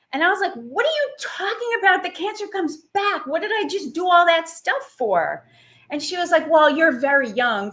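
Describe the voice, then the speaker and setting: A woman guest, a plant-based health coach, telling a personal story in an interview in a lively, animated way with many fillers. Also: high-pitched. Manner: animated storytelling with lots of "like" and acted quotes.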